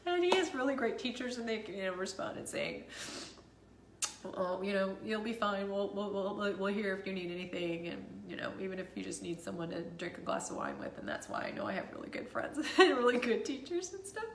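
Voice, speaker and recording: A woman's voice: medium pitch, expressive, brisk, a little hiss or hum. Woman, 30s, mom vlogger; emotional, self-deprecating, rambling; echoey room. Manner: tearful, rambling, self-deprecating, laughs through it. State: teary after crying. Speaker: vlogger, mother of two. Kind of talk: emotional personal vlog.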